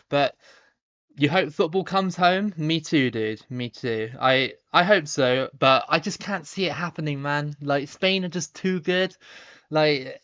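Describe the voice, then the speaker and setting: A man in his thirties with a Somerset accent, chatting casually on a live stream while reading viewer comments, relaxed, with lots of ums and restarts. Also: a little high, highs cut off. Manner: relaxed, chatty, frequent ums and repeated starts, laughs easily.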